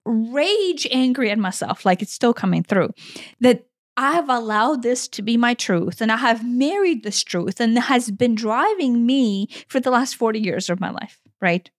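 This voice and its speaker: A woman's voice: on the high side, animated, normal speed, no room sound, clean studio sound. A woman in her forties co-hosting a podcast, talking in an earnest, emotional way and swearing freely. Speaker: podcast co-host. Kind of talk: casual conversation.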